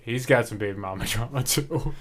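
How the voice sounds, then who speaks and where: A man's voice: medium pitch, fairly quick, slight background noise. Guy on a podcast reading stuff off his phone, laughing, easygoing chat. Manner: reads texts aloud from his phone, laughing between lines. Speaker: podcast co-host. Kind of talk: casual chat.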